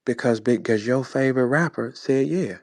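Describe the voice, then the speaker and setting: Speaking at a moderate pace with lively intonation and a medium pitch, a man from St. Louis in his forties hosts his show without any echo around him. The battle rap personality unleashes an angry, profane tirade full of mockery.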